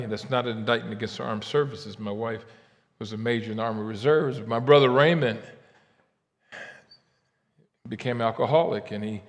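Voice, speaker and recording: A man from Ohio giving a keynote faith talk, swinging from quiet asides to shouted, drawn-out declarations. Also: mid-range voice. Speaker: keynote speaker. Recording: long hall reverb.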